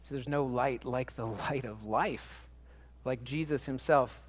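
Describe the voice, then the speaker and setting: A man's voice: medium pitch, unhurried, long reverb tail. A man preaching a sermon in church, earnest and emphatic, stacking up repetitions and restarting phrases as he works through a thought. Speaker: pastor.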